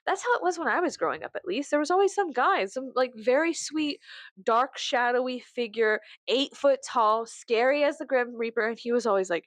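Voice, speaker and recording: A young woman rants through a story in a lively, fairly high voice that swings all over the place. Her delivery is loose and profane, full of quick asides. She jumps into bigger voices when she acts out other people, and the sound is close and dry. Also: dry recording. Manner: acts out quoted people with big pitch jumps. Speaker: vlogger. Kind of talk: casual storytelling rant.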